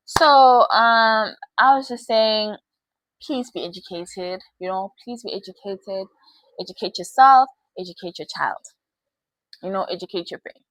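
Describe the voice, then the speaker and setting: A woman's voice: mid-range voice, a bit bright, dry recording, rough recording. A young woman hosting a podcast, giving candid advice in a casual chat and laughing often. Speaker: podcast host.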